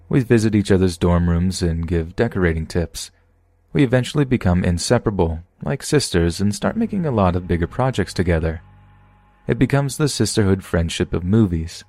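A man narrating a submitted first-person story in a steady, measured podcast reading. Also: low voice, dry recording. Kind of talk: scripted horror story narration.

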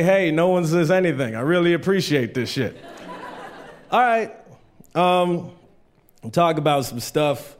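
A man with a fairly high voice tells rambling, profane stories in a stand-up set. He talks loosely and casually from a club stage, with an audience laughing behind him. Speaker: stand-up comedian.

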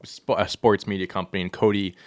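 A man co-hosting a podcast, talking through wrestling storylines in casual chat and getting heated as he goes. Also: brisk. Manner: animated, heated rants that climb in pitch. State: out of breath. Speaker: podcast co-host.

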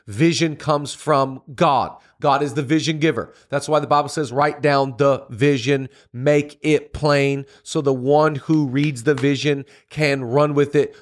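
A middle-aged man, a pastor and podcast host, giving an energetic motivational talk on leadership with emphatic, repeated phrases like a sermon. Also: a little high. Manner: energetic preaching delivery with emphatic repetition.

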